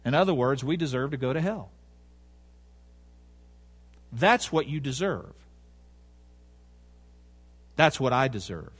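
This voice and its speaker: A man's voice: medium pitch, animated, takes it slowly, long pauses, breathy edge. A man preaching a sermon, emphatic, repeating key words and asking the congregation rhetorical questions.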